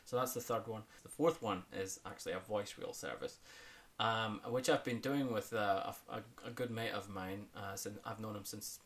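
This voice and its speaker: A man from Scotland who coaches accents talks at a relaxed interview pace. His voice sits a little low and has a bright, forward edge. He rambles with fillers and restarts, laughing easily. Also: normal speed, hardly any pauses. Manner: chatty, laughs often, many fillers and restarts. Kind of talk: podcast interview.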